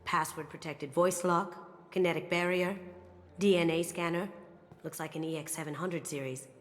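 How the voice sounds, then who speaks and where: A woman's voice: fairly low pitch, steady tone, normal speed, in a large hall, soft background music, lightly acted. A woman voicing a sly young female master thief in a video game, cocky and playful. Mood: confident. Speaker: game character.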